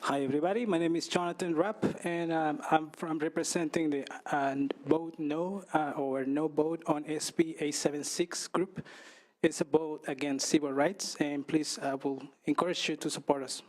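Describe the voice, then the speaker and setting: A man's voice: a little high, fairly even intonation, normal speed. A man giving a hesitant public comment with fillers at a hearing. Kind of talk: brief public testimony at a hearing.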